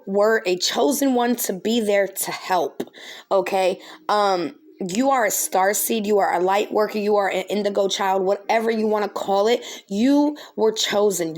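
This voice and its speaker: A woman's voice: mid-range voice, darkish tone. A woman acting as a spiritual reader, speaking earnestly and reassuringly, often checking in with "okay?". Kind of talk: delivering a spirit message to someone.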